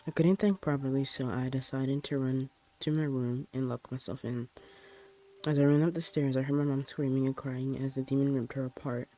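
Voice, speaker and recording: Mellow-voiced man reading a horror story. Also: mid-range voice, level tone. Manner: plain, unhurried first-person narration.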